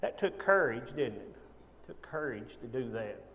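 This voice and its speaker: A man teaching an informal Sunday Bible class, speaking haltingly with frequent restarts and rhetorical tag questions, in a church classroom. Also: medium pitch, very animated, fairly bright tone, big-room sound.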